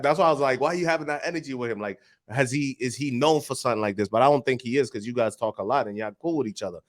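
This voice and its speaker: A man's voice: mid-range voice, fast. A man hosting a podcast, talking casually and giving blunt, direct advice. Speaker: podcast host. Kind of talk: casual chat.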